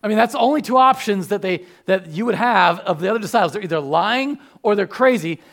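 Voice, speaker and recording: A male pastor delivers a sermon with a slightly high voice. He is animated and playful, jokes as he goes and acts out the people in the story. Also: quick pace, gravelly.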